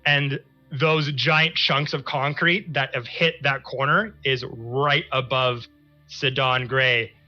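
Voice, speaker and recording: A man with a very bright, forward voice narrates a tabletop game as its dungeon master. He paces out each scene slowly, drawing out his words. The audio is a bit dull, with faint music underneath. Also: medium pitch, steady tone. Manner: slow, drawn-out scene narration.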